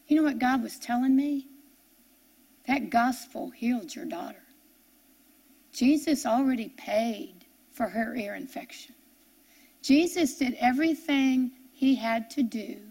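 A woman preacher with a high, bright-sitting voice delivers a sermon woven with her own testimony. She is middle-aged and fervent, climbing to impassioned peaks and then sinking into slow, hushed emphasis. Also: slightly rough. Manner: fervent, builds to impassioned peaks, then slows and drops soft.

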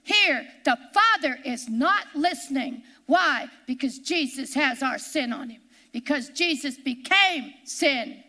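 A woman pastor preaching a sermon in a church, repeating her lines and slowing down to cry out the verses she reads. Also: high-pitched, animated. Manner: impassioned preaching, repeats lines, slows and shouts on scripture.

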